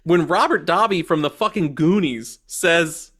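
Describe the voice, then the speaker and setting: A man's voice: a little high, unhurried, a bit bright. A man co-hosting a movie review podcast, talking in a loose, profane, jokey way and acting out quotes from the film. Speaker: podcast co-host. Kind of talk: casual movie review chat.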